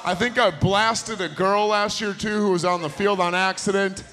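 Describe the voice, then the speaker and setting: A man preaches at a camp service, his voice pitched high and tense. He tells stories with big swings from shouting to near-hushed asides. The sound rings out with the long reverb of a large meeting hall. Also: steady tone, normal speed, faint music behind. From United States. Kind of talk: storytelling sermon.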